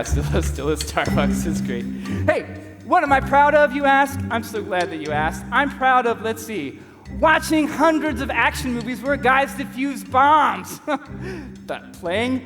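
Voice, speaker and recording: A man's voice: very high-pitched, sharp tone, exaggerated voice. An actor playing a boastful, goofy barista who rambles and laughs at his own jokes in a live comedy sketch. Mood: bragging. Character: boastful goofy male barista know-it-all. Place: church hall before an audience. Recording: live hall reverb, faint music.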